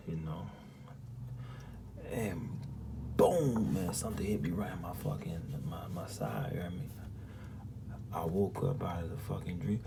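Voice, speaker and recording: A man telling a story in casual, profane, rambling speech, often asking "you hear me?" and dropping into a hushed half-whisper. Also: low voice, normal speed, gravelly, pauses often, noisy background. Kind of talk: casual spoken recounting of a dream.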